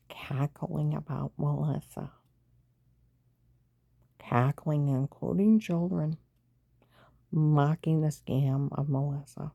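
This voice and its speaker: Woman vlogger, lowish gravelly voice, meandering storyteller with whispered asides. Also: dark tone, no room sound, studio quality. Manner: rambling, with sudden whispered asides. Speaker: vlogger recounting events. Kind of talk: rambling monologue.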